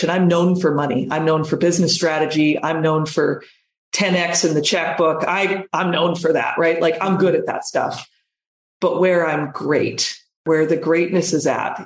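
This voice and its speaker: A woman's voice: low-pitched, roomy sound. A woman guest telling a personal story in conversation, speaking emphatically and repeating phrases for effect.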